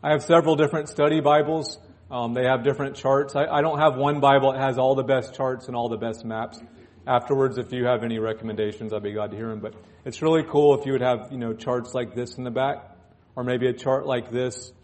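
A man's voice: mid-range voice, fairly even intonation, brisk. A male pastor preaching in church, reading scripture aloud and breaking off into joking asides. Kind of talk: sermon.

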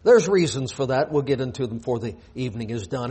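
A man's voice: medium pitch, animated, fast talker, hardly any pauses, mellow, breathy edge. A man preaching a sermon in a church, reading scripture aloud and pressing his point with rhetorical questions.

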